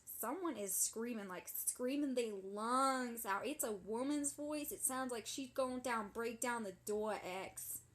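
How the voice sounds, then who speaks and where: A woman's voice: on the high side, a little slow, hardly any pauses, fairly bright tone. A woman playing a sassy, dramatic young woman who tells a wild story in a breathless, indignant, gossipy way, as a comedy monologue. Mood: dramatic gossip.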